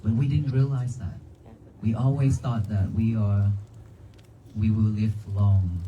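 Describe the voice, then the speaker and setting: A man's voice: lowish voice, steady tone, measured pace, warm tone, a little hiss or hum, low-quality recording. A man, a monk giving an earnest sermon to a crowd in a church cemetery, speaking in simple phrases and asking them questions. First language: Vietnamese. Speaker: monk giving a dharma talk.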